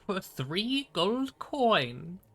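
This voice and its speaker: A man's voice: sits high, sing-song, fairly bright tone, voice pushed up, exaggerated voice. Man putting on a pompous old wizard merchant. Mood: haughty. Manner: slow, grand, theatrical delivery.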